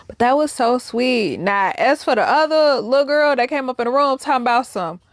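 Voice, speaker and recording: A young adult woman giving casual reaction commentary, animated and slangy, swinging between soft musing and loud outbursts. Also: high voice, moderate pace, hardly any pauses, no room sound. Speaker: reaction vlogger.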